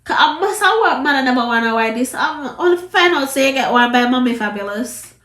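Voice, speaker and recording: A woman's voice: sits high, animated, fairly quick, fairly bright tone, roomy sound. A Jamaican woman with a trace of a British accent, giving an emphatic, scolding commentary to camera in patois. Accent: Jamaican, with some British. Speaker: vlogger.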